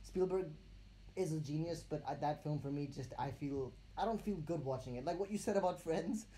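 A man's voice: on the high side, fairly quick, mellow, a little hiss or hum. A man co-hosting a film podcast, chatting loosely and breaking off his own thoughts to apologize. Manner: rambling, self-interrupting, apologetic. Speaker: podcast co-host. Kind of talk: casual chat.

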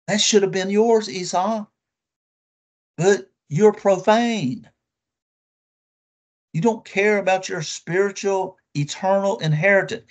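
Emphatic man preaching a sermon, slightly high voice. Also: expressive. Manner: emphatic, drawn-out phrases, rhetorical questions.

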